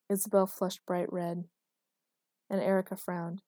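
A woman reads a novel aloud in a measured, even way. Her voice is warm and mellow, and the recording is close and dry with no room sound. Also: on the low side, no echo. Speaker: audiobook narrator. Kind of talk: scripted narration.

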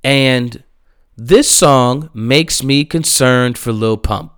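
A young man giving casual, blunt music reviews, swearing and breaking into animated, emphatic outbursts. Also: mid-range voice, extremely slow, clear, resonant tone, dry recording, studio quality.

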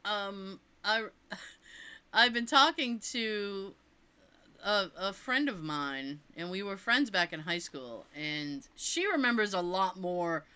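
A woman with a Massachusetts accent chatting casually. Her voice swings up and down as she tells stories. Her tone is bright and forceful, and she laughs often. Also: medium pitch, takes it slowly, clear, resonant tone. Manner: animated storyteller, laughs often. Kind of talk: casual chat.

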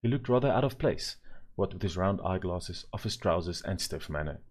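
A man narrating a children's story in a measured, gently expressive way. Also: low voice.

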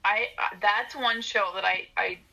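A woman's voice: mid-range voice, fairly even intonation, measured pace, gravelly, pushed and bright, low-quality recording. A woman co-hosting a podcast, chatting playfully and laughing easily. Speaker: podcast co-host. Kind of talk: casual chat.

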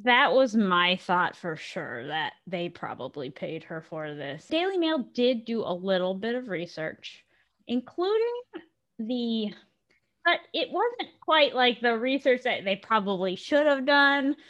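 A woman's voice: fairly high pitch, very animated, a little slow, fairly bright tone, highs cut off. A woman co-hosting a podcast in casual chat, chatty and often trailing off to restart her sentences. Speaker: podcast co-host.

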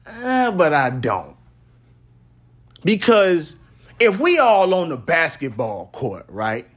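A young adult man hosting a podcast, ranting casually and swinging from loud trash talk to low mutters. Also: huge pitch swings, takes it slowly. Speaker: podcast host.

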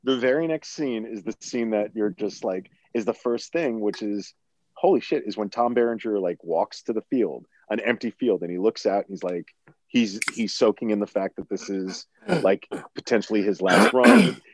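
A man in casual chat, telling stories in an animated way, laughing often and swearing freely. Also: on the low side, normal speed, no room sound. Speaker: podcast co-host discussing a film. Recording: dry, slightly dull recording.

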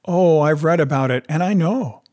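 A man's voice: fairly high pitch, normal speed, darkish tone, no echo, studio quality, voice pushed up, lightly acted. Earnest pleading young wife, as a male narrator puts her on. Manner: pleading, emotional.

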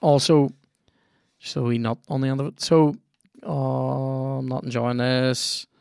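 Gravelly and mid-pitched, this male podcast host delivers flatly and without hurry as he plays a video game. He swears freely and reacts out loud to the match in a casual chat, captured in a close, dry recording.

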